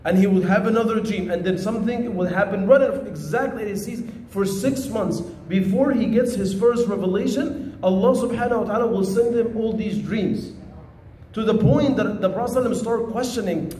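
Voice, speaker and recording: A man with a high, mellow voice teaches a religious lesson. He talks casually and tells lively stories. The room echoes, with a faint hum of ambience behind. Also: brisk. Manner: conversational, storytelling, animated. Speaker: Islamic teacher.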